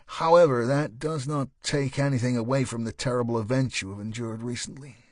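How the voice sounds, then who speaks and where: A man voicing an easygoing male detective with a Liverpool accent, relaxed and courteous. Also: medium pitch, fairly quick, no echo, clean studio sound, lightly acted. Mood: calm.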